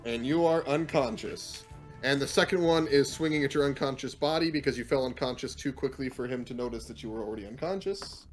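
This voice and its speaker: A man narrating as game master of a tabletop game, relaxed and often laughing as he rules on rolls. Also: medium pitch, brisk, soft background music.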